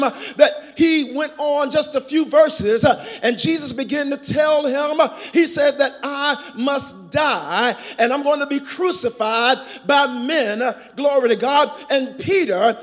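A man preaching a sermon in call-and-response style, building to shouts. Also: extremely high pitch. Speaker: pastor. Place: large church sanctuary. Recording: long church reverb.

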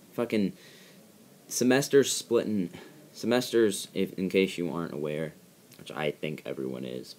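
A man's voice: a bass voice, slight background noise. A teenage boy ranting with lots of swearing and rambling fillers while he commentates over gameplay. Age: teens. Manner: profane, irritated ranting. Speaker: gaming channel host. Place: bedroom.

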